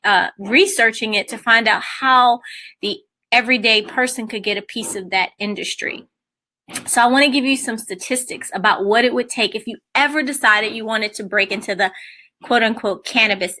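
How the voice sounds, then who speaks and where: A woman with a bright, forward voice gives a business presentation to a room of listeners. She sits a little high in pitch and talks with eager, conversational enthusiasm.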